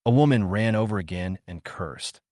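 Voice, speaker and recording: A man narrating a comic recap story in a steady, scripted storytelling way. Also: lowish voice, moderate pace, no echo, studio quality.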